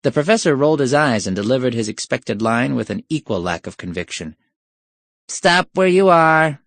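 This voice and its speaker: A man's voice: medium pitch, animated, fairly quick, gravelly, no room sound. Wry male audiobook narrator. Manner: wry, sardonic storytelling. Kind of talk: scripted narration.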